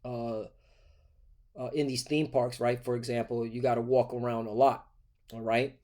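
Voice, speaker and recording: A man giving an informal sermon lesson, conversational and halting, tagging nearly every phrase with "all right" or "okay". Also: medium pitch, little pitch movement, a little mellow. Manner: halting, repeated fillers and restarts. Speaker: preacher.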